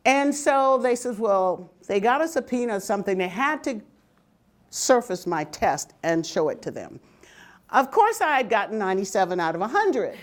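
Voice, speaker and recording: An older woman telling stories from her working life, humorous and lively, often laughing. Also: mid-range voice, moderate pace. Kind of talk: personal storytelling talk.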